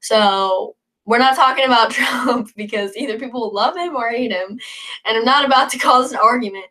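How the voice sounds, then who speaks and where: A woman's voice: a little high, normal speed, pushed and bright. Young woman, late teens, livestream host; casual, chatty, upbeat, rambling. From northern United States. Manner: chatty, rambling, upbeat, reads comments aloud. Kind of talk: casual livestream chat reading viewer comments.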